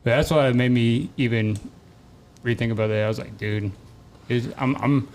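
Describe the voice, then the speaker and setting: A man's voice: medium pitch, fairly even intonation, moderate pace, darkish tone. A man hosting a casual podcast chat, laid-back and slangy with teasing banter. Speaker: podcast host.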